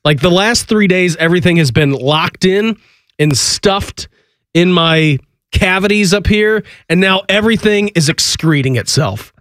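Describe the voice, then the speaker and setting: A man's voice: high-pitched, unhurried, dry recording. A man in his thirties hosting a sports radio show in a studio, joking and laughing as he talks through a head cold. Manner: joking, animated, laughs often. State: congested from a cold. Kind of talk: casual sports radio banter. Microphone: studio microphone.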